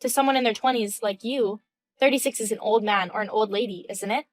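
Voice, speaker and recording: Speaking briskly at a medium pitch, a woman in her thirties plays a composed, indignant wife in a text-message story, sounding firm and questioning. The delivery is lightly acted, and the recording has no echo.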